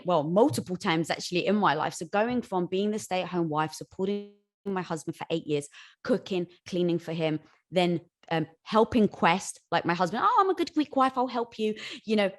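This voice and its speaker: A woman's voice: fairly low pitch, normal speed. A woman guest on a podcast speaking in an encouraging, affirming way, addressing the host as "girl". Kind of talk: candid conversation.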